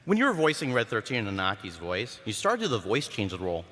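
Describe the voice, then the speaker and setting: A man's voice: on the low side, wildly swooping pitch, fast, sharp tone, in a large hall. A man moderating a panel and reading out questions in a plain manner.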